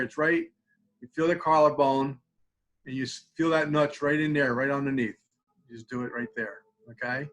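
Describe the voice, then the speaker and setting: Calm older man coaching a tapping exercise. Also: medium pitch, poor audio. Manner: calm instructive, often drops to quiet repeated phrases. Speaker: college student support clinician. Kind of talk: webinar teaching a tapping technique.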